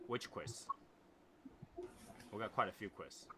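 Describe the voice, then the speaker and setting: Slow and expressive, this man's lowish voice has a bright, forceful tone, with a little hiss or hum in the recording. Hosting a cigar livestream with a non-native English accent, he goes through viewer comments, musing in a rambling, repetitive way and often asking "right?".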